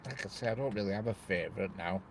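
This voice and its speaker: A man's voice: lowish voice, fast talker, creaky, slight background noise. A man from the north of England, chatting casually on a live stream from his parked car and greeting viewers by name in a rambling way. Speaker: railway livestreamer. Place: parked car near a railway bridge. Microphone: wireless clip-on mic inside car.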